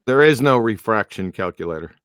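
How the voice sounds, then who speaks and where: Male host, blunt and sarcastic, mid-to-low voice, dry close sound. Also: expressive, brisk, a bit bright, clean tone, no echo. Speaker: stream host. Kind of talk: casual debate.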